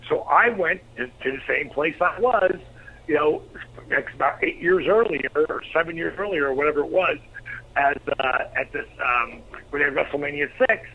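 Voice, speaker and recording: A middle-aged man, a former pro wrestler, telling profane, animated anecdotes as an interview guest. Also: on the high side, normal speed, husky. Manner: profane, animated storyteller acting out quotes. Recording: slightly dull lo-fi recording.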